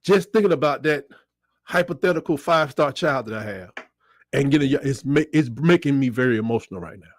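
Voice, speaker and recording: Hosting a casual sports stream, this middle-aged man reads viewers' chat messages and jokes around, sometimes squealing in a high pitch. His delivery is expressive and fairly fast.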